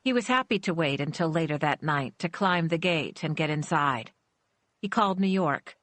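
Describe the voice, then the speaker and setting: A woman narrating a suspense audiobook in a measured storytelling manner, voicing the characters with small shifts. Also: low-pitched, lively intonation, a bit bright, no room sound. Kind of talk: scripted narration.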